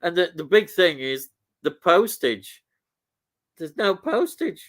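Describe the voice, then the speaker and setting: A Yorkshire man hosting a relaxed livestream chat, with a high voice. His pitch moves in a lively, animated way. He chuckles often and keeps agreeing with his co-host. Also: no echo, studio quality. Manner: chuckling, agreeable, quick to chime in. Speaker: livestream host reading viewer comments. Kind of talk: casual chat.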